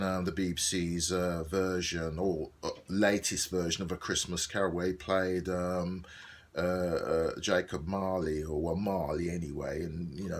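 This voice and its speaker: Middle-aged man, Birmingham accent, low pitch; casual video diary, rambling, filler-heavy. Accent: Brummie. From Birmingham, England. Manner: rambling, filler-heavy, many ums and restarts. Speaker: actor and video diarist.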